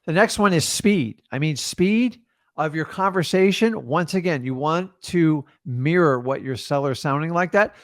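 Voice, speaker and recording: A young man coaching real estate wholesaling, teaching with lively emphasis and shifting pace to demonstrate tonality. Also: fairly high pitch, a little slow, no room sound, clean studio sound. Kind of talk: energetic teaching monologue.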